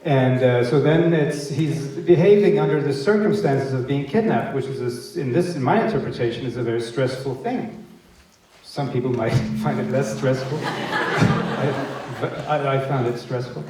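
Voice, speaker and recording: A man's voice: medium pitch, moderate pace, noisy background. A man, an actor, telling anecdotes on stage in a rambling, hesitant way and laughing often. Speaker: actor guest. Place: festival stage event. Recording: echoey hall, distant mic.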